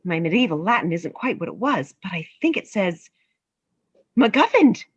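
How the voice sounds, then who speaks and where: A woman's voice: fairly low pitch, very animated, normal speed, slightly rough, highs cut off. A woman reading the part of a learned, earnest female treasure hunter in a staged play reading.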